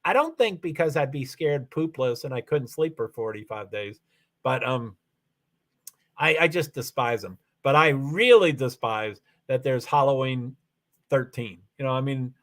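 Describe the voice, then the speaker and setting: A man's voice: medium pitch, lively intonation, a little slow, a bit bright. A man streaming live and answering chat in a rambling, self-correcting way, full of fillers. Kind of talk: casual livestream chat.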